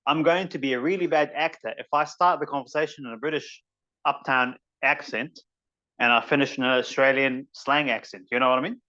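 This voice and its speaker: A man's voice: medium pitch, fairly even intonation, fairly quick, bright, forceful tone. Man teaching tajweed on a muffled call. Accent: New Zealand. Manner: informal, rambling explanations with recited Arabic phrases. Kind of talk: online class teaching.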